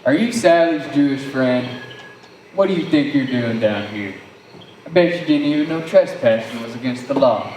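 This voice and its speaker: A teenage boy playing a wordy, sardonic young man in a high school stage play, talking in a theatrical way. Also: expressive, moderate pace, darkish tone, close to an everyday voice. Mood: storytelling. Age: teens. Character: fast-talking self-assured young man courting. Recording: roomy, distant mic, faint noise.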